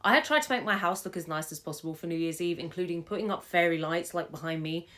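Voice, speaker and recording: A woman's voice: lowish voice, fast, a bit bright. Young woman, chatty storytime, swears and laughs a lot, voice jumps around. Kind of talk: casual storytime vlog. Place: home room with fairy lights.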